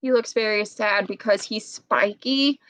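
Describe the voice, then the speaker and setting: A woman's voice: mid-range voice, unhurried, fairly bright tone, no room sound. A woman, a speech therapist, reads a picture book to young children and keeps asking them questions. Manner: patient, questioning, teacher-like. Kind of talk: interactive read-aloud lesson.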